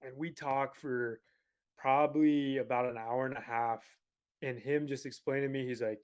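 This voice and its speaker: A man who is a podcast guest, telling a story in a casual, animated way and laughing as he goes. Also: mid-range voice, moderate pace, clean tone.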